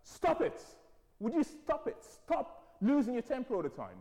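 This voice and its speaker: A man, as a preacher, putting on his exasperated mother shouting a scolding at her sons. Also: extremely high pitch, huge pitch swings, moderate pace, long reverb tail, pitched above the performer's own voice, exaggerated voice.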